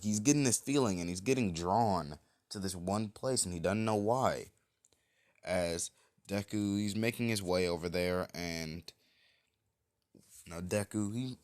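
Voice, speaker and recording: A man narrating a fan-made what-if story in a casual, rambling way, full of fillers and the odd swear. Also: low voice.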